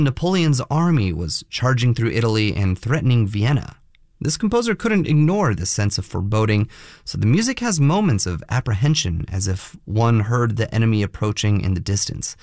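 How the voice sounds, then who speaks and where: A male classical radio host speaks in an easy, conversational announcer's manner. His voice sits at an ordinary middle pitch. The studio sound is close and completely dry. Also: a little mellow, dry recording. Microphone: studio microphone.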